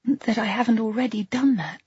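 A woman voicing a soft-spoken, worried woman friend. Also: fairly high pitch, normal speed, husky, dry recording, dull audio. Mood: pleading. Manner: quiet and pleading. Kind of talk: audiobook character voice.

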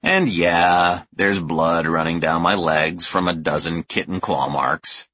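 A man's voice: low-pitched, steady tone, takes it slowly, pushed and bright, no echo. A man narrating a first-person audiobook with a wry, exasperated manner. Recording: dull, dry lo-fi recording.

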